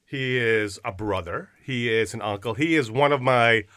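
Male podcast co-host, hyped and slangy, bright edge to the voice. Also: medium pitch, normal speed. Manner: animated, hype-filled banter with slang. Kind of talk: casual podcast chat.

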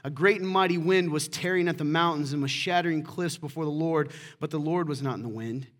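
A middle-aged man preaching a sermon as pastor, lively and acting out quoted voices. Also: fairly high pitch, a little fast.

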